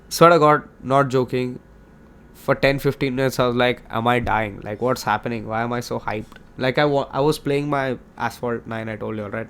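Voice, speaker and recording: A man's voice: medium pitch, gravelly, fairly bright tone, a little hiss or hum. A man in his twenties with an Indian accent, hosting his podcast in a hyped, rambling, joking way. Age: 20s. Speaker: podcast host. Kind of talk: casual solo podcast chat.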